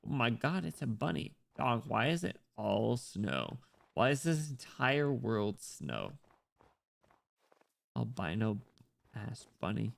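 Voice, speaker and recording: A man's voice: mid-range voice, very animated, takes it slowly, creaky. An American man streaming, chatting casually while he plays, rambling and joking and swearing often. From United States. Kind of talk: casual gameplay commentary.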